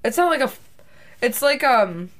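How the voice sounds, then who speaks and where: A woman co-hosting a podcast in casual, silly chat, full of opinions and quick to laugh. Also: on the high side, big pitch swings, a bit bright. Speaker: podcast co-host.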